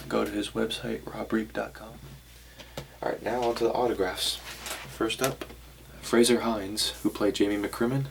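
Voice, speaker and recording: A young man vlogs casually to camera, rambling a bit and correcting himself while showing off his haul. His lowish voice is creaky, and there's background noise.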